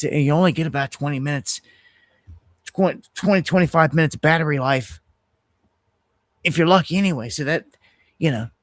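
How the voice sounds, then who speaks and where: A middle-aged man hosts his own live news stream, telling stories in an animated, agitated rush that keeps restarting mid-sentence. His voice sits a little high for a man. The sound is dry and close, with no room echo. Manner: animated storytelling, heated and ranting, with frequent restarts. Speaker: host of an independent news livestream. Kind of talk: casual livestream monologue.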